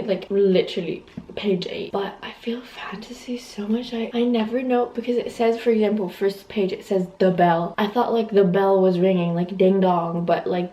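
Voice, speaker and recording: A woman's voice: mid-range voice, mellow, reverberant, low-quality recording. A woman in her twenties chatting casually in a reading vlog, rambling and full of fillers. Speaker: vlogger. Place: messy bedroom. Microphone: phone camera.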